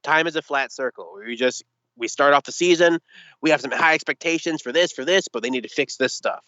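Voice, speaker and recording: Animated young man, bright, exasperated. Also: on the high side, brisk, dry recording, highs cut off. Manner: animated storytelling, exasperated, comic. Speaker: podcast guest, sports commentator. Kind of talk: casual sports chat.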